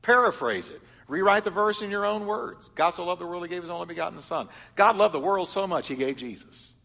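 A male pastor teaching a congregation with a bright, forceful voice, his words ringing out under a long hall reverb. He moves from loud, rising calls to hushed, reflective asides. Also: sits high, fairly quick, vocal fry. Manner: animated, swings between loud exhortation and soft reflection. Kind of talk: sermon teaching. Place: church hall.

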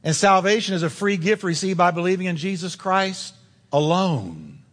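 A man with a high voice preaches a sermon, pressing his points home with emphatic, insistent direct address. His voice rings out in a church sanctuary with a long hall reverb trailing each phrase. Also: expressive, moderate pace, fairly bright tone. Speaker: pastor.

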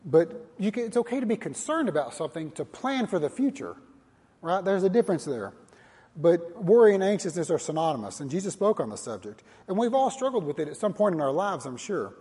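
Male pastor with a husky, slightly high voice, preaching earnestly in a church hall with long reverb. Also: big pitch swings, fairly quick, dark tone. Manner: earnest, repetitive preaching with direct challenges to listeners. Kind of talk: sermon.

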